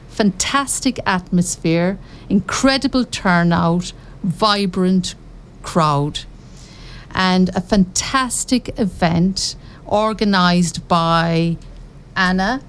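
A woman hosting a local radio show, chatty and correcting herself as she goes. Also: fairly low pitch.

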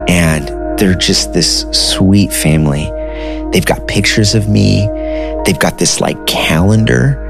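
A man in his thirties telling a personal story in a casual, animated, conversational way. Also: low voice, takes it slowly, vocal fry, music in the background. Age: 30s. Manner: animated, conversational, says dude and like.

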